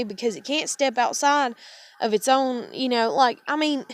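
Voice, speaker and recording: A woman rants straight to camera, angry and heavy with swearing. Her voice sits a little high. A faint hiss runs under her talk in a living room at home. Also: moderate pace. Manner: angry, profane ranting. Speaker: vlogger. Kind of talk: casual venting monologue.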